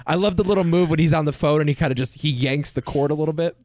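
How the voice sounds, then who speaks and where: A man's voice: on the high side, quick pace, darkish tone, a little hiss or hum. A man co-hosting a casual podcast, enthusiastically quoting movie lines. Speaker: podcast co-host. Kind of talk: casual chat.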